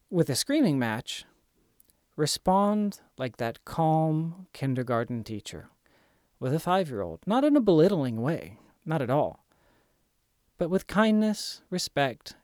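A man's voice: a little high, darkish tone, dry recording. Earnest man coaching, dry close sound. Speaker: self-help speaker. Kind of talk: motivational instruction.

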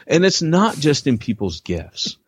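A man co-hosting a podcast about church planting, chatting casually and telling animated stories, acting out quoted lines. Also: a little slow, breathy edge, no echo. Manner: animated storyteller, acts out quotes with big pitch jumps. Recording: dull lo-fi dry podcast audio.

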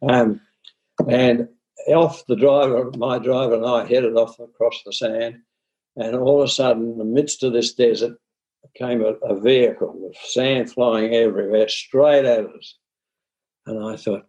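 An older man being interviewed, telling stories from his time running cricket, halting and full of restarts. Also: mid-range voice, fairly even intonation, mellow, husky, muffled recording. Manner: halting, with many restarts and fillers. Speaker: interviewee, former cricket administrator. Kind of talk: anecdotal storytelling in interview.

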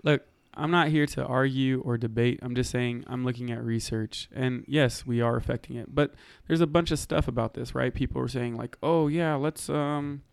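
A man co-hosting a casual podcast, chatting in a relaxed way and hedging his points. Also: mid-range voice, normal speed, gravelly, hardly any pauses, clear, resonant tone, no echo. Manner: relaxed, hedging, talks over others. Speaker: podcast co-host. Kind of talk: casual chat. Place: podcast studio.

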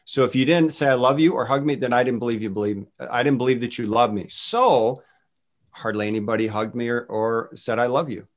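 Man, middle-aged, guest minister, earnest storytelling, mid-pitched voice. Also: fairly quick. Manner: earnest, personal storytelling with many restarts. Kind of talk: casual Christian talk.

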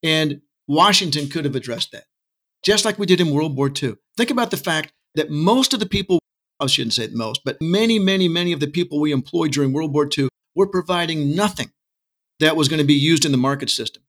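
A middle-aged man with a slightly high voice talks passionately as an interview guest. He argues his point with quick asides and pointed rhetorical questions. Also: lively intonation, fairly bright tone. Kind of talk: casual interview talk. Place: Texas.

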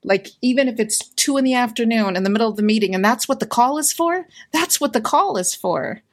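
A woman's voice: a little high, lively intonation, a little fast. Woman sharing a story in a group talk, candid, acts out the quotes. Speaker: discussion participant. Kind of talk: reflective conversation.

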